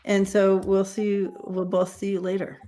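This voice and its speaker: A woman's voice: mid-range voice, completely flat delivery, moderate pace, dark tone. A woman hosting a casual livestream chat who rambles, with many fillers and restarts. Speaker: livestream host.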